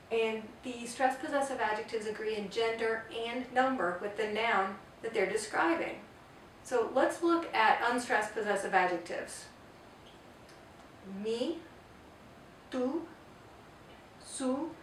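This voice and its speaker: A woman's voice: medium pitch, a bit bright. A woman teaching a grammar lesson, patiently spelling out word forms one at a time. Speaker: Spanish teacher. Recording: echoey room, far from the mic, faint hiss.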